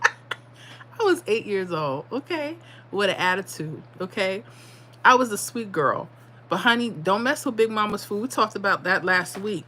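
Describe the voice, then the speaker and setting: Bright-voiced chatty New York woman. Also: mid-range voice, big pitch swings, normal speed. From South Bronx, New York. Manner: chatty, sassy, laughs a lot. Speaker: livestream host. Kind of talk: casual livestream chat reading comments.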